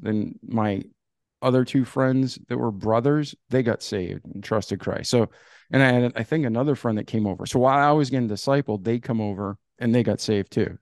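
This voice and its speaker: A man tells his own story in a podcast interview at an average pitch. He talks casually and animatedly and acts out old conversations as he goes. The sound is dry and close. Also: dry recording. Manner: animated, acts out dialogue with "I'm like". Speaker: podcast guest.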